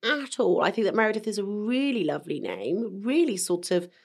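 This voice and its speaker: A woman's voice: mid-range voice, big pitch swings, brisk, vocal fry, husky. A woman, co-hosting a podcast in casual, playful, jokey chat. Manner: playful, jokey, self-mocking. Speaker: podcast co-host.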